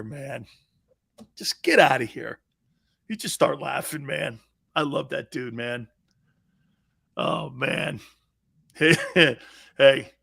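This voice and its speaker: A middle-aged man hosting a live sports talk show, brash and blunt, swearing freely and jumping between loud bursts and low asides. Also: vocal fry.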